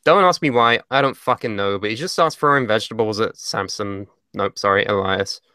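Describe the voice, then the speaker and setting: A man's voice: lowish voice, brisk, sharp tone, clean tone, dry recording, clean studio sound. A man co-hosting a wrestling podcast, talking sarcastically and swearing freely. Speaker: podcast co-host. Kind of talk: casual wrestling podcast chat.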